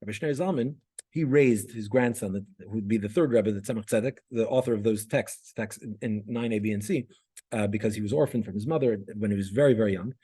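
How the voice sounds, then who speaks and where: A man's voice: lowish voice, fairly quick, mellow, slightly rough. A man teaching a class, lecturing conversationally, telling stories and often checking in with the students. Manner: conversational, many restarts and "right?" checks. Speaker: class instructor.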